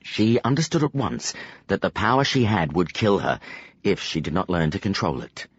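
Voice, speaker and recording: A man narrating an audiobook in a scripted, expressive and dramatic storytelling style. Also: sits low, moderate pace, husky, dry recording, highs cut off.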